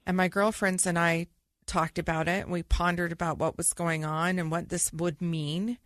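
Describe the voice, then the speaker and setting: Middle-aged woman, low voice, dry sound. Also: little pitch movement, no echo. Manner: earnest, halting, with repeated restarts. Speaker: podcast co-host. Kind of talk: personal storytelling.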